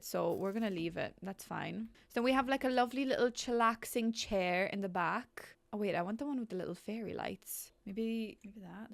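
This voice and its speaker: A young woman giving casual commentary while building in a life-sim game, excitable and self-mocking, laughing often. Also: mid-range voice, no echo.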